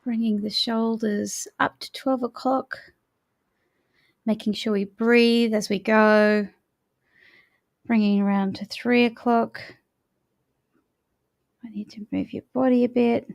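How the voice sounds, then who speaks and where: A woman coach with a slightly high voice guides a morning vocal warm-up. She keeps it chatty and encouraging, talking the listener through each stretch step by step. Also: steady tone, takes it slowly, creaky, long pauses.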